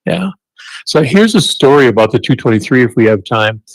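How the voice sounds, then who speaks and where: A man's voice: medium pitch, animated, a little fast, no echo. A man with a mid-range voice joins a radio program as a guest. He chats casually and tells his stories in an easygoing way. The recording is dry and close. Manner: easygoing storyteller, chuckles at his own hunting tale. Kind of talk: casual radio chat, storytelling.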